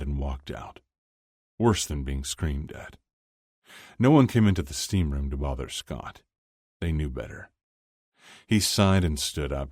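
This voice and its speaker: A man narrating an audiobook in an expressive storytelling manner. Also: rumbling low, vocal fry, no room sound, clean studio sound.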